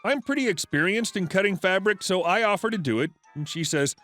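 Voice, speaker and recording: A man reading online stories aloud as a scripted narration, in a lively storytelling manner. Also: high-pitched, fast, few pauses, soft background music.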